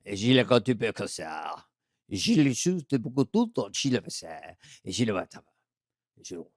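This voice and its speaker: A man's voice: fairly low pitch, sing-song, moderate pace, darkish tone, breathy edge, no room sound, clean studio sound, voice pushed down. A man putting on a panicked Frenchman caught in an earthquake, babbling mock French gibberish. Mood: panicky.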